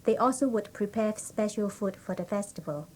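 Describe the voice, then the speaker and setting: A woman with a Hong Kong English accent, a Cantonese native speaker, reading a prepared passage aloud with careful, measured, non-native phrasing. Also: medium pitch, animated, darkish tone, low-quality recording.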